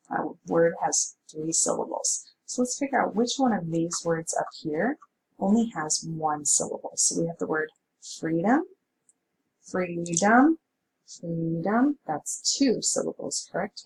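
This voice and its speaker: A woman's voice: lowish voice, lively intonation, normal speed, vocal fry, darkish tone, a little hiss or hum, low-quality recording. A woman teacher giving a recorded spelling lesson, patiently sounding out words.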